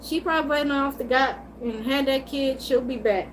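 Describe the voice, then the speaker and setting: High-voiced woman gossiping on a livestream. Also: moderate pace, slight background noise, rough recording. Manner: animated, gossipy, swears freely, laughs often. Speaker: livestream host. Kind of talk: casual chat about soap operas, reading live chat.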